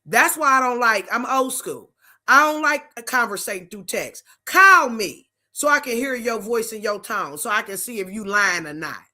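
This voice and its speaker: Woman, talk show host, bright tense voice, fairly high, preachy. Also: lively intonation, moderate pace. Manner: preachy, conversational, emphatic. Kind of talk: faith-based talk show monologue.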